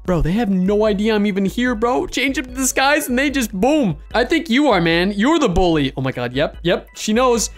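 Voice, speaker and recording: A young adult woman giving slangy, trash-talking gameplay commentary. She swings between low, scheming mutters and loud, excited outbursts. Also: moderate pace, hardly any pauses, faint music behind. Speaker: gaming video creator.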